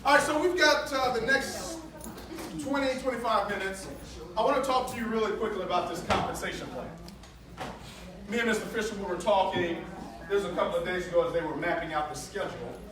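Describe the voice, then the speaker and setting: A man giving an energetic, preacher-like motivational talk at a sales training, leading call-and-response and joking with the audience. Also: high voice, brisk. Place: large hall with a live audience. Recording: echoey hall with crowd noise, from far off.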